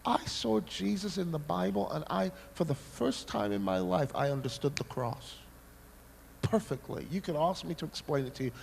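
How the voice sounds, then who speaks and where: A man preaching a sermon, telling a personal story with dramatic, animated delivery. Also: fairly high pitch, moderate pace, creaky, slight background noise.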